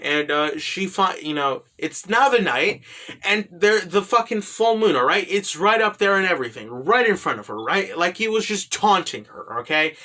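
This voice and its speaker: A man's voice: sits high, lively intonation, normal speed, sharp tone. A man giving a rambling, profane, casual recap of an anime, filled with "you know" and "right?".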